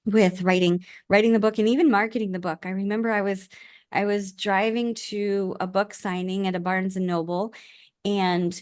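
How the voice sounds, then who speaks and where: Middle-aged woman, podcast guest, heartfelt and earnest, mid pitch, dry recording. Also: fairly even intonation, normal speed, clean tone, no echo. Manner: earnest, heartfelt, frequent restarts. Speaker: podcast guest, author and life coach. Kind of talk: casual interview conversation.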